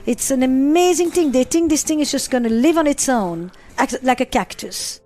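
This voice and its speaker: A woman's voice: high voice, normal speed, dark tone, soft background music. Emphatic middle-aged woman therapist. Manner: emphatic, lists ideas in repeated phrases. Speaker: psychotherapist. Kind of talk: interview answers.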